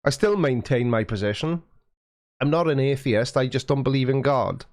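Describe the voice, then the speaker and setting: A man's voice: medium pitch, normal speed, a little mellow, no echo, studio quality. A man hosting a casual livestream, chatting and joking with viewers while he fiddles with his settings into a mic with a foam windscreen. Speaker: livestream host. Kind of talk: casual livestream chat reading viewer messages. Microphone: studio mic with a foam windscreen.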